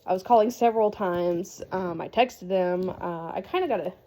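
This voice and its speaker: A woman's voice: lowish voice, moderate pace, warm tone. A young woman casually telling a story in a rambling vlog style, with lots of fillers and laughs. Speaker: vlogger.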